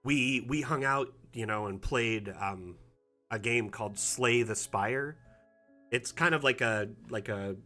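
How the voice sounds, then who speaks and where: A man's voice: mid-range voice, slow, sharp tone, faint music behind. A middle-aged man chatting casually on a live stream, with many fillers and restarts. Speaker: community manager streaming a map build.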